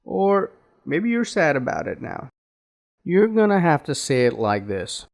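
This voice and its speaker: Guy teaching english accent, takes it slow, voice jumps around a lot. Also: on the high side, very animated, vocal fry. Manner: slow, deliberate teaching with acted example phrases. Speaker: accent coach. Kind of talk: spoken English lesson.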